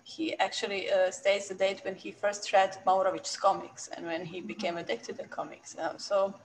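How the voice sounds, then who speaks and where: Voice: medium pitch, little pitch movement, moderate pace, a little hiss or hum, poor audio. A museum curator, moderating a Q&A with long, hesitant questions full of fillers. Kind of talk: asking questions after a lecture.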